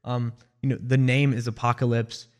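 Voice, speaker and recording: A man's voice: medium pitch, flat delivery, moderate pace, darkish tone. A man co-hosting a casual album review, talking thoughtfully with many fillers and restarts. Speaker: music review co-host.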